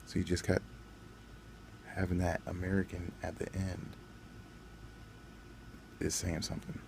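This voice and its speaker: A man's voice: deep voice, completely flat delivery, measured pace, gravelly, background noise. A man hosting his own channel, delivering a profane, angry, blunt vlog rant. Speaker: channel host.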